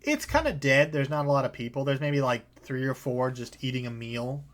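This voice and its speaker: A man's voice: mid-range voice, lively intonation, fairly quick. A man narrating as game master in a tabletop game, casual with many fillers.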